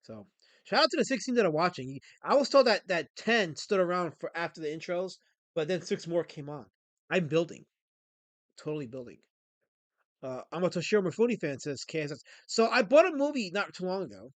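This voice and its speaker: A man's voice: high-pitched, big pitch swings, moderate pace, no echo. A man with a scratchy throat, hosting a livestream and chatting, rambling and joking with viewers. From Pennsylvania. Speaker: livestream host. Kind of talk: casual livestream chat.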